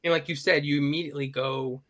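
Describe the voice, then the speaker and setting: A man's voice: a little high, steady tone, fast, a bit bright. A man around thirty in casual chat, rambling enthusiastically and swearing freely.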